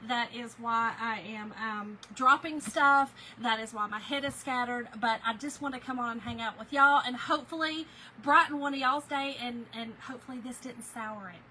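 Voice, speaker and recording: A woman's voice: on the high side, normal speed, sharp tone, slight background noise, low-quality recording. Shaken woman confiding to viewers. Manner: emotional, confiding, says "y'all" often. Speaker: livestream host. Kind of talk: casual livestream chat.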